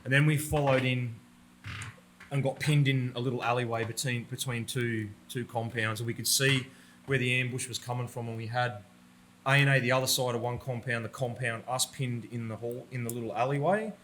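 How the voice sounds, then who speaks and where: A man's voice: medium pitch, fairly even intonation, fairly quick, fairly bright tone, slight background noise. An Australian man, a podcast guest and army veteran, telling war stories in a blunt, profane, conversational way and laughing at his own tales. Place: room with a roller door.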